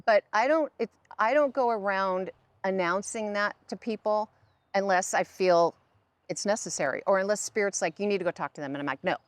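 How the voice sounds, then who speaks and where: A middle-aged woman who works as a psychic medium chats in a conversational interview, talking a little fast in a medium-pitched voice. She tells stories and acts out the voices of other people in them. There's no room sound.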